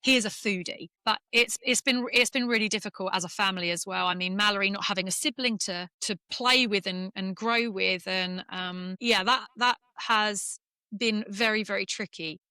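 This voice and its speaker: Bright-voiced English woman. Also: mid-range voice, clear, resonant tone, no room sound, clean studio sound. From England. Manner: emotional, talks in quick bursts with restarts. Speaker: former professional golfer, guest. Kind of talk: candid interview conversation.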